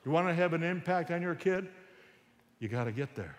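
A man giving a humorous talk on Christian parenting to a church audience, an animated storyteller who acts out parents and kids. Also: a little high, a little fast, in a large hall.

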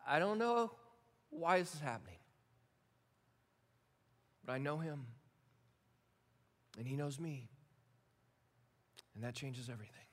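A man preaching a sermon as pastor, animated and emphatic, swinging from shouted lines to hushed ones and often repeating himself. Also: a little high, a little slow, long pauses, long reverb tail. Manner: repeats words and restarts often.

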